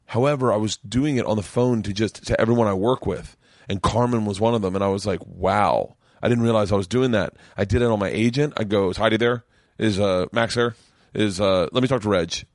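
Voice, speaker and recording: A man's voice: lowish voice, dry recording, clean studio sound. A male comedian hosting a podcast, telling chatty anecdotes and acting out the dialogue. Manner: chatty storyteller, acts out dialogue in his anecdotes. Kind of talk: casual podcast chat. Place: small home studio room.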